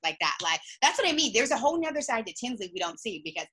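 A young woman in casual reality-TV chat, blunt and animated, swearing freely and mimicking people. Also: on the high side, quick pace, husky.

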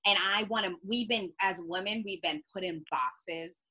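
A young woman in casual reality-TV chat, blunt and animated, swearing freely and mimicking people. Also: medium pitch, normal speed.

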